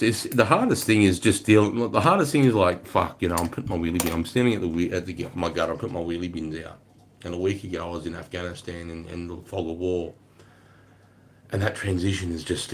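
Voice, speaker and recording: Low-voiced profane Australian man. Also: slight background noise. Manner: profane, blunt, rambling. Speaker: livestream host, army veteran. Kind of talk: casual livestream storytelling.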